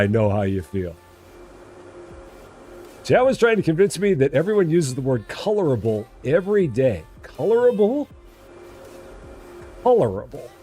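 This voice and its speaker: A man's voice: mid-range voice, a little mellow. A man from Illinois hosting a live game stream, chatting playfully and answering viewers. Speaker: live-stream gamer host. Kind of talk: casual live-stream chat.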